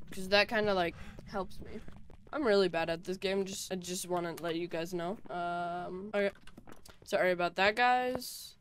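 A young woman giving nervous, chatty commentary while playing a horror game alone, with jumpy reactions. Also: medium pitch. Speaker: gaming YouTuber.

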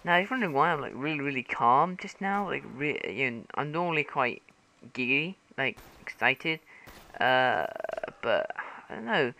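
Rambling man with a bright voice. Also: medium pitch, lively intonation, normal speed, gravelly. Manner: rambling, many fillers and restarts. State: coughing. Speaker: gaming commentator. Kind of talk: casual game commentary. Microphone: gaming headset.

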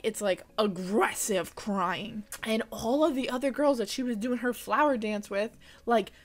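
A young woman giving an animated, casual movie recap, full of "like" and blunt, incredulous asides. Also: a little high. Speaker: vlogger.

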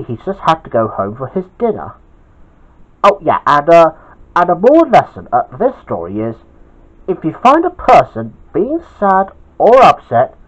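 A man reads his homemade story aloud at a slow, halting pace, breaking off for chatty asides. His voice sits fairly high and rises and falls widely. The recording is dull and lo-fi. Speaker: storyteller, channel host.

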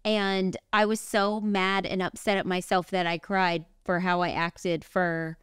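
A woman's voice: lowish voice, level tone, unhurried, clean tone, dry recording, studio quality. A woman, co-hosting a podcast in casual, rambling chat. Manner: chatty, rambling, lots of "like". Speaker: podcast co-host.

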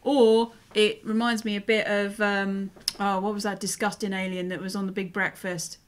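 A chatty woman in her forties co-hosts a relaxed podcast. Her voice sits at an ordinary middle pitch, and she talks in an animated, frank way with a bit of mild swearing. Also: moderate pace. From United Kingdom. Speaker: podcast co-host. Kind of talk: casual podcast chat.

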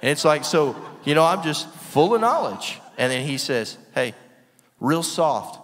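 A man's voice: a little high, sing-song, unhurried, fairly bright tone. A man preaching a sermon with energy and emphasis, asking the room rhetorical questions and laughing often. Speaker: guest preacher. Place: church hall with long reverb. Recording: reverberant church hall.

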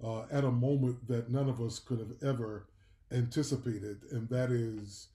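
A man opening a memorial with a measured address to the family, pausing on fillers. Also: medium pitch, fairly even intonation, warm tone. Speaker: speaker at a memorial. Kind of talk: formal address. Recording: echoey room, off-mic.

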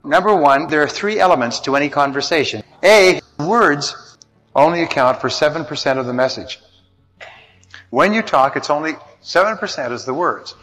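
A man giving a self-help talk as a motivational speaker, measured and explanatory, leaning on key words. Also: fairly high pitch, lively intonation, fairly bright tone, soft background music.

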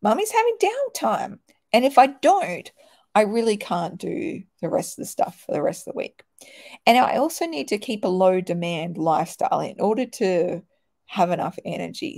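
A woman's voice: fairly low pitch, creaky, darkish tone, husky. A woman in her forties chatting casually with viewers as a host, laughing often and swearing now and then. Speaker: host answering viewer questions. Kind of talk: casual chat.

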